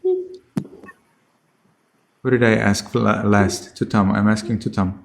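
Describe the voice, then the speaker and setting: A man's voice: lowish voice, fairly even intonation, slow, vocal fry, slight background noise. A man teaching a children's class over a video call, patiently repeating his questions.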